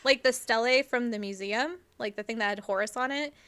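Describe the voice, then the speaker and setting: A young woman chatting on a podcast, retelling a story in a loose, animated way full of "like" and casual swearing. Her voice sits a touch high, with a bright, forceful edge and a smooth, crisp clarity. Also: a little fast. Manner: animated, profane, trails off with fillers like "like". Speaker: podcast co-host.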